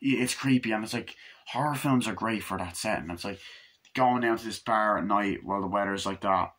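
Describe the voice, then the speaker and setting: Man, low-pitched voice, casual movie review, rambling, swears freely, acts out scenes. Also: brisk, fairly bright tone. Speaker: film reviewer.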